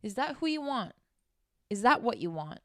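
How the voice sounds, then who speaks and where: A woman's voice: on the high side, big pitch swings, moderate pace, a bit bright, no echo, clean studio sound. A woman giving dating advice in a blunt, scolding, casual monologue full of swearing. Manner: casual, conversational. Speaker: dating coach.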